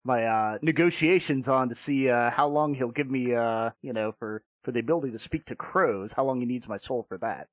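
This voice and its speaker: A man's voice: mid-range voice, brisk, few pauses, no echo. A man hosting a gaming podcast, playful and joking, with stumbling restarts. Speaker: podcast host. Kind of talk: casual chat.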